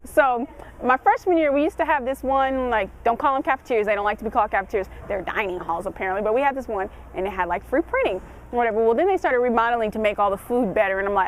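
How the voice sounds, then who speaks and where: A woman's voice: a little high, animated, fast talker, low-quality recording. A young woman giving casual college dorm advice, chatty and colloquial, laughing often.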